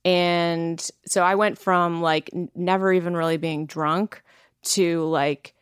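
A woman's voice: fairly low pitch, level tone, slow pace, smooth, no room sound, clean studio sound. A woman in her thirties, from Canada, talking candidly as a podcast guest, laughing often and using many filler "like"s. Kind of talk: casual interview chat.

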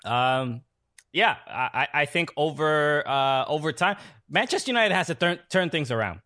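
A man co-hosting a casual sports talk show, talking haltingly with many fillers. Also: a little high, expressive, bright, forceful tone. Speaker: co-host.

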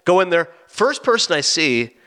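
A man on a podcast telling a long anecdote in casual chat, acting out the quoted lines and stammering through quick restarts. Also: high voice. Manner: animated anecdote teller, acts out his own and others' quoted lines.

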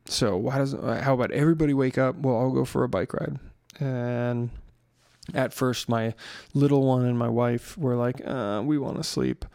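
A man's voice: mid-range voice, normal speed, creaky, no echo, studio quality. A man in his thirties, tired and yawning, rambling through a casual solo podcast about his day. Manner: rambling storyteller, yawning, relaxed. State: tired, sleepy. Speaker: podcast host.

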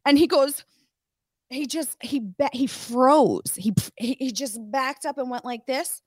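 A woman telling a story on a podcast in casual chat, animated and swearing often between bursts of laughter. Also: high-pitched, unhurried, dry recording. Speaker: podcast co-host.

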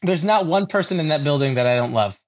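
A man's voice: a little high, expressive, fast. Chatty young man, lo-fi sound. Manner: chatty, self-deprecating, laughs often, many restarts. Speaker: Broadway actor, interview guest. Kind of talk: casual interview chat. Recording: dull lo-fi sound.

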